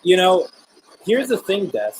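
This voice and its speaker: Guy hosting a spirit box livestream, a bit high voice, soft asking tone, faint hiss behind. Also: huge pitch swings, a little slow, rough recording. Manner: gentle, asks viewers questions, calls on spirits politely. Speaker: host of live spirit box session. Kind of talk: live-stream chat with viewers.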